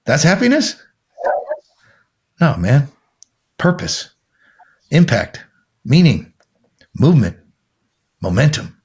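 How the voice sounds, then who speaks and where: A man's voice: on the high side, big pitch swings, slow, pauses often, a little mellow, husky. A man coaching other men, talking in an intense, profane, preachy way as a podcast guest. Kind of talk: blunt motivational talk.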